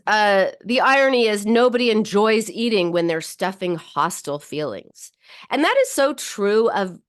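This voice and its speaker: A woman psychologist hosts a radio talk show, her voice sitting at an ordinary middle pitch. She speaks in a loose, conversational way, full of restarts and fillers. She leaps up in pitch whenever she acts out the thoughts in people's heads. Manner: animated, jumps higher when voicing inner thoughts.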